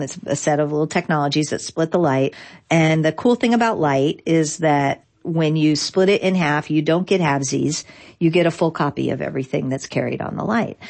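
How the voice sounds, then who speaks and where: A middle-aged woman with a low voice recounts events in a relaxed interview. She tells it animatedly, restarting sentences and stacking fillers as she goes. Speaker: guest, digital rights lawyer. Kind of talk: conversational interview storytelling.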